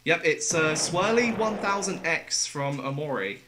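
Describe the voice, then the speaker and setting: A man's voice: a little high, animated, measured pace, background noise. A man chatting casually with his viewers while gaming live, joking and laughing often. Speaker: streamer.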